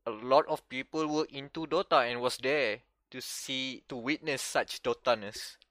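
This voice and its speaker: A man co-hosting a casual gaming podcast, telling stories in an animated way with many restarts. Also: mid-range voice, normal speed, no room sound, clean studio sound. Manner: animated storytelling with frequent restarts. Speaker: podcast co-host. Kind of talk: casual chat.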